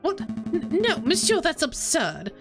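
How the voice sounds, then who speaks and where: A woman's voice: high voice, huge pitch swings, slow, faint music behind, voice pushed up, exaggerated voice. A woman voicing a stern male falcon lawyer in a game, with a dry, impatient manner.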